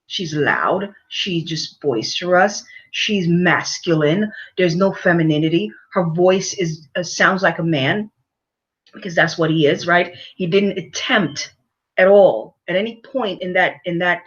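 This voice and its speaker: A woman vlogger giving her opinions to camera, halting with many fillers and repeated words, and lecturing her audience emphatically. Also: on the low side, muffled recording.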